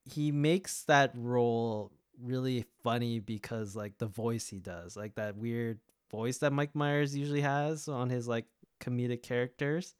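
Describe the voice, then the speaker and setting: A man's voice: mid-range voice, unhurried, hardly any pauses, clear, resonant tone, no room sound, clean studio sound. A man co-hosting a music podcast in casual chat, rambling with many fillers and self-interrupting asides. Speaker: podcast co-host.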